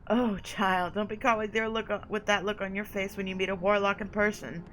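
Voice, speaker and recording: A woman's voice: mid-range voice, steady tone, brisk, a bit bright, slight background noise, natural voice, poor audio. A woman voicing a haughty vampire sire. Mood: condescending. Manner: condescending, drawling endearments. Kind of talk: reading game dialogue aloud.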